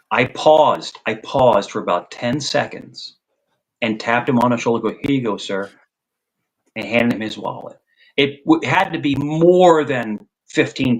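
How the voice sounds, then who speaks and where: A man's voice: medium pitch, low-quality recording. Earnest American man talking casually. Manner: earnest, repeats himself for emphasis. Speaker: host. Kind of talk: casual chat.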